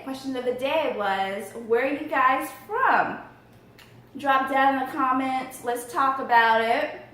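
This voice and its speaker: A woman's voice: a little high, a bit bright, distant mic. A woman hosting a casual mukbang eating vlog, murmuring over her food and giggling often. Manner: upbeat, murmurs between bites, giggly. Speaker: mukbang vlogger. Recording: very echoey room.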